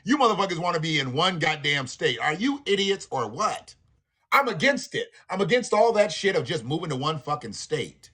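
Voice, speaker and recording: Animated, profane man hosting a livestream. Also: on the high side, normal speed, breathy edge. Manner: profane, animated, laughing asides. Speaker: livestream host. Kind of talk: live commentary rant.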